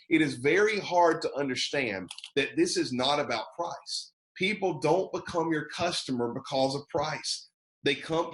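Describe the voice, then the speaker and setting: An American man leads a sales training on a video call, speaking emphatically and repeating his key phrases. His voice sits in a middle pitch and carries a roomy echo. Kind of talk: motivational sales training talk.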